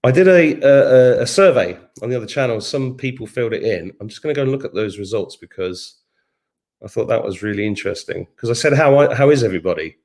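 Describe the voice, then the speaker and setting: A man's voice: medium pitch, expressive, quick pace, darkish tone. Rambling middle-aged man hosting a livestream. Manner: rambling, hums to himself, swears casually. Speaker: host of an online live show. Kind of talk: casual live-stream chat reading comments. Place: home kitchen.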